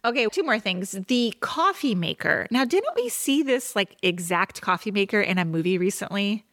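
A woman co-hosting a podcast, chatting casually about a movie and telling her story with animated, rambling asides. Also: mid-range voice, normal speed. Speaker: podcast co-host. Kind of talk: casual chat reviewing a movie.

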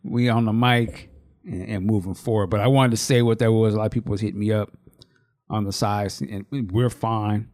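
A man's voice: lowish voice, fairly even intonation, normal speed, darkish tone. A man in his thirties, a podcast co-host, telling a story in loose, rambling casual chat.

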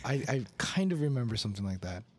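A man's voice: medium pitch, fast talker, breathy edge. A young man co-hosting a podcast, telling stories in casual chat and laughing often. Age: young adult. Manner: animated storyteller, laughs often. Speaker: podcast co-host.

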